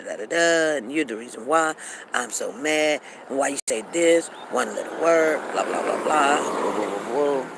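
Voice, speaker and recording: A woman's voice: sits low, a little hiss or hum. A woman hosting a casual live chat room, acting out both sides of arguments and repeating phrases.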